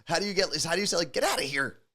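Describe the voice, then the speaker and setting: A man's voice: high-pitched, expressive, rapid-fire, pushed and bright. A man co-hosting a talk show, asking the guest casual questions and stopping to search for his words. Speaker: co-host.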